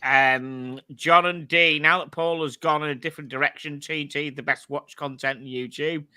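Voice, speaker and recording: A man's voice: on the high side, fairly even intonation, moderate pace, bright, forceful tone, smooth, no room sound, studio quality. A man hosting a casual live stream, chatty and jokey, rambling between guests. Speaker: host.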